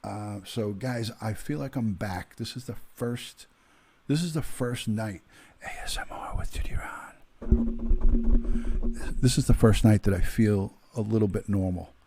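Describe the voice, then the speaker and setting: A man's voice: fairly low pitch, moderate pace, vocal fry, warm tone, slight background noise. A man in his fifties, a retired detective hosting a casual livestream, chatting with viewers and greeting them by name with plenty of ums and uhs. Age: 50s.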